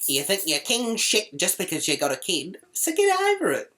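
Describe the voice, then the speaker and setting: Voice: medium pitch, huge pitch swings, normal speed, sharp tone. A performer playing a crass, foul-mouthed middle-aged grandmother with an Australian accent, telling a rambling comic story straight to camera. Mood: brash. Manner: brash, swearing, rambling storyteller. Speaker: vlogger. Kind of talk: comic character monologue.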